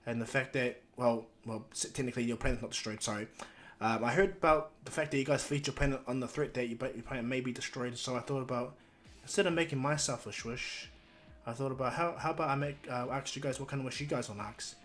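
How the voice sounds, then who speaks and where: Man doing a young woman, squeaky falsetto, excitable, flustered. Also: fast talker, soft background music, lightly acted. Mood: earnest. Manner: high falsetto, squealing when scared.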